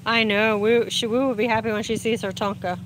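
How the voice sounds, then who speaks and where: Against a noisy background, a woman with a fairly high, fairly even voice talks fairly quickly. She's running a casual livestream outside in the sunshine, chatting with viewers on her phone and reading their comments. She's chatty and warm in her greetings, and she laughs often.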